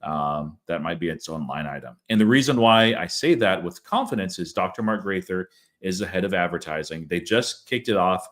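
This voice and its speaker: A man's voice: low-pitched, a bit bright. A man hosting a casual stock market discussion, thinking aloud with frequent fillers. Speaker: channel host.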